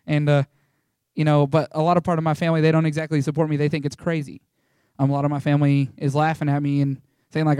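Rambling, excitable young man in church. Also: on the high side, fairly quick, clean tone, no echo, studio quality. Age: young adult. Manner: rambling, excitable, many fillers and restarts. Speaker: church member giving a testimony. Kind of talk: informal church testimony. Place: small church.

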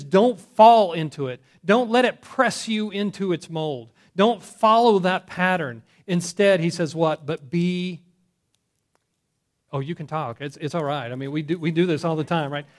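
A man preaching a conversational sermon, often correcting himself and putting questions to the congregation. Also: high-pitched. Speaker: pastor.

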